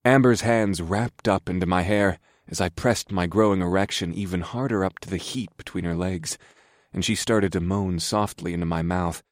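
A man narrating a story in the first person in a calm, steady, soft-spoken way. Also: low voice, no echo, clean studio sound.

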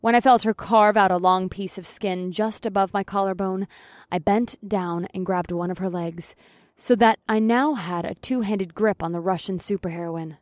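A woman narrating a first-person audiobook in a steady, matter-of-fact voice, with casual swearing. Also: mid-range voice, normal speed, no room sound, clean studio sound.

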